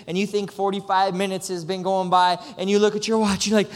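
Impassioned preacher in a reverberant hall. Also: male voice, high voice, flat delivery, fast talker, few pauses, clear, resonant tone. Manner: impassioned, rising to loud cries, with asides and chuckles. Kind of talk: sermon.

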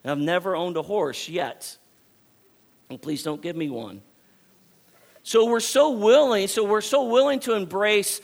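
A man from Texas, preaching a sermon in an animated way, often restarting and repeating phrases. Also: sits high, unhurried, vocal fry, long pauses.

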